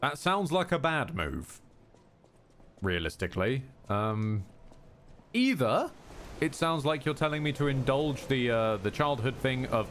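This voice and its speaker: A man's voice: mid-range voice, sing-song, a little slow, fairly bright tone, slight background noise. A man streaming a game live, talking to himself with sarcastic, jokey commentary. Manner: sarcastic, jokey self-talk.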